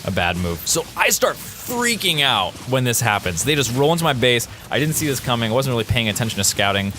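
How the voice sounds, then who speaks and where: Animated man talking over gameplay. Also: faint music behind. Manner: animated, quick exclamations and jumps in pitch. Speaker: game developer and commentator. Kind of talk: casual gameplay commentary.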